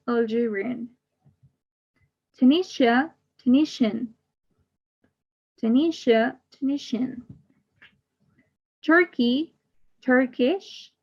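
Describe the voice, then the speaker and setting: A woman teaching an English class online, slowly repeating each word twice in a drilled, deliberate way. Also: on the high side. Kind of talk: slow drilled pronunciation lesson. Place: online class, speaking to a camera. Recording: slightly dull lo-fi audio.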